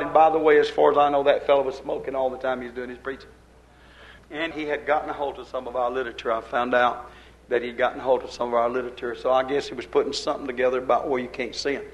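A man preaching a fervent sermon, swinging between loud, urgent lines and quiet, low asides. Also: low-quality recording.

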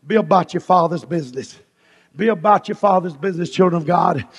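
A man preaching a fiery revival sermon in a strikingly high, gravelly voice, hammering out repeated phrases in shouted bursts. His voice rings through a church hall with a long, reverberant tail. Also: a little fast. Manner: shouting, rhythmic repetition, rising and falling in bursts.

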